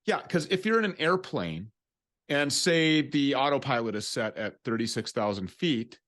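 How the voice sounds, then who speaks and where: A man's voice: medium pitch, lively intonation, moderate pace, a bit bright, dry recording, clean studio sound. A man hosting an interview, asking curious, probing questions and thinking aloud as he goes. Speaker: host.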